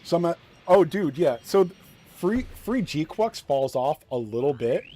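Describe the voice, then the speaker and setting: A man's voice: on the high side, sing-song, measured pace, warm tone, a little hiss or hum. A man streaming a mobile game, talking bluntly in casual commentary, rambling with fillers and self-deprecating jokes. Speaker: gaming streamer.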